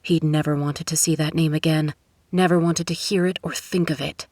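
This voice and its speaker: A woman narrating a romance novel audiobook in a steady, measured storytelling voice. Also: deep voice, no echo, studio quality. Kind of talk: scripted narration. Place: recording booth. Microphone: studio microphone.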